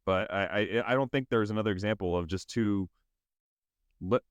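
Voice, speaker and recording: A man co-hosting a podcast in casual chat, easygoing and chuckling with quick asides. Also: fairly low pitch, clear, resonant tone, no echo. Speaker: podcast co-host.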